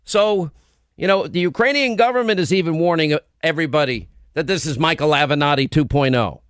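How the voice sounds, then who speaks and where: A combative man hosting a talk radio show, his voice pitched high for a man. He talks with biting sarcasm and rattles off lists of accusations. The sound is dry and close, with no room around it. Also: fairly bright tone, smooth, dry recording. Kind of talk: opinionated radio talk monologue.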